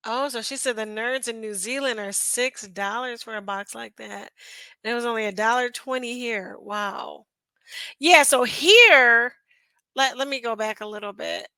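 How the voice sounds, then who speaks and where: A woman's voice: a little high, moderate pace, pushed and bright, clean tone, no echo, rough recording. A woman chatting casually to her viewers as she reacts to a video, laughing between her remarks. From northern United States. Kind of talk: casual chat to camera.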